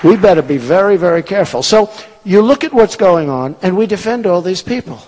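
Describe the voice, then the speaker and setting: A man's voice: high-pitched, expressive, fairly quick, darkish tone, a faint crowd. A man in his sixties giving a repetitive, emphatic and boastful rally speech in a large hall. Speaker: political candidate speaking at a rally. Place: large performing arts hall. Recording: long hall reverb.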